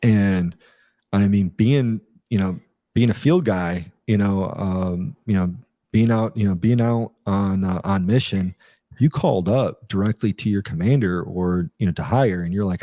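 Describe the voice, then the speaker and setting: Man, middle-aged, very low voice, mellow tone, rambling with restarts, casual interview storytelling. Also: normal speed, dry recording, clean studio sound. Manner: rambling, many fillers and restarts. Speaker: guest, retired Army captain.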